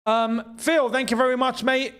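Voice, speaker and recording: Very high and smooth, a bit bright, with little pitch movement, this young man's voice moves at normal speed. He has a London accent and hosts a live football watchalong, chatting casually, laughing often, and reading out super chats.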